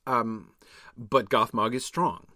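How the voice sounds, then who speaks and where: A man talks things through in a loose, rambling way, stacking ums and restarts as he works out his ideas. His voice is bright and forceful at a middle pitch. The sound is dry and close. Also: slow, no room sound. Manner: rambling, thinking aloud with many fillers. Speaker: podcast co-host. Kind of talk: casual discussion.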